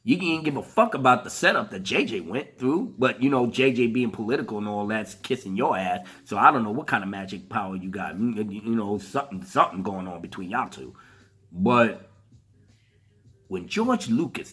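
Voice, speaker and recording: A man's voice: lowish voice, animated, normal speed, fairly bright tone, breathy edge. A man giving a heated, profane ranting commentary, laughing through his rant. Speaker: commentary vlogger.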